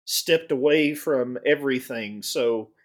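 A man's voice: mid-range voice, takes it slowly. A man chatting casually on a podcast in a matter-of-fact way, with casual curses. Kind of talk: casual chat.

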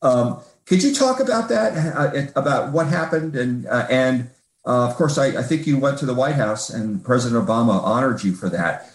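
A man's voice: mid-range voice, moderate pace. A man asking a question in a casual group conversation, thoughtful and rambling, with many restarts. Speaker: audience member asking a question. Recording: roomy echo.

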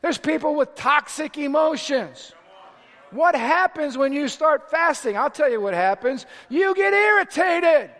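Middle-aged male pastor, high tenor, animated sermon storyteller, reverberant hall sound. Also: unhurried. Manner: animated storytelling with shouted asides. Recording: echoey hall recording.

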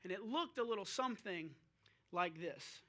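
A man's voice: high voice, expressive, normal speed. A man preaching a sermon, building through repeated rhetorical questions. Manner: preaching with rhetorical questions and drill-call shouts. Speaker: pastor.

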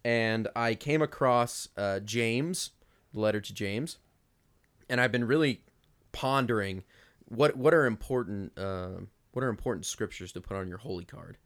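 A man's voice: on the low side, normal speed, a bit bright. A man co-hosting a casual podcast, talking with dry, wry humor. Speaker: podcast co-host.

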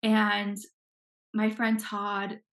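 A woman's voice: medium pitch, monotone, very slow, fairly bright tone. A young woman co-hosting a podcast, telling a story in casual chat, swearing freely and filling her talk with "like". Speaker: podcast co-host.

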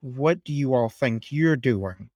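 Casting: gruff, demanding vigilante mentor, played by a man, unhurried. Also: mid-range voice, animated, heavy background noise. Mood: urgent.

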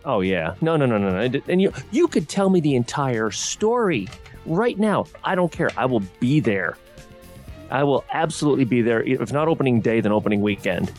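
A man's voice: medium pitch, sing-song, normal speed, a little mellow, faint music behind. A man co-hosting a casual podcast chat, opinionated and ranty, often repeating his words. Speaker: podcast co-host.

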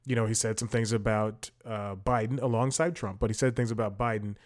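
A man with a slightly low voice talks through his opinions as a podcast host. He rambles, stumbling over fillers and restarting sentences as he thinks out loud. His delivery is casual and unscripted. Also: fairly even intonation, a little fast. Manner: opinionated, thinks aloud while scrolling. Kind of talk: casual commentary.

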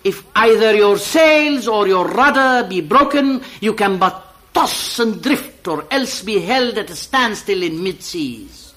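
Man, poetry reader; expressive delivery, lively pitch, unhurried pace. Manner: slow, rising to loud high emphatic peaks.

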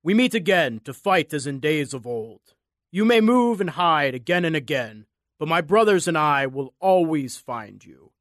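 A man voicing a menacing male Cyclops giant who taunts in a rasping, drawn-out way. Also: fairly high pitch, expressive, a bit bright, no room sound, studio quality. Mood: taunting.

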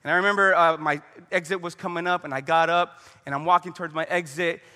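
Bright-voiced man preaching in a reverberant hall. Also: a little high, fairly even intonation, fast talker. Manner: conversational preaching with storytelling and prayer. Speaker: pastor. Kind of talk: sermon.

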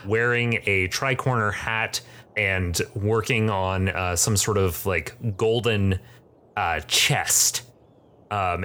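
A man narrating as game master of a tabletop game, describing the scene in a halting way with many restarts. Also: on the low side, bright, forceful tone. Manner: halting, full of fillers and restarts.

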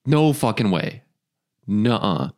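A male podcast host chats casually, mocking his subject with frequent swearing and bursts of laughter. He fills gaps with ums and uhs. His voice sits a bit low. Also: very animated, takes it slowly, a little mellow. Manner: profane, joking, laughs often, lots of ums.

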